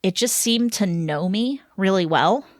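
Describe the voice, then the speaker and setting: A woman's voice: mid-range voice, expressive, measured pace, dry recording, clean studio sound. A woman co-hosting a casual podcast, chatting and reading a story aloud expressively. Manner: chatty, reads stories expressively. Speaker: podcast co-host.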